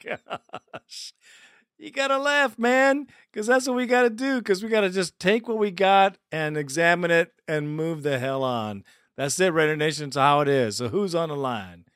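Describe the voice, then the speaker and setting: Excitable man hosting a fan call-in show. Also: a little high, normal speed, clean tone, no room sound, studio quality. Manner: excitable, laughs often, calls people brother. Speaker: podcast host.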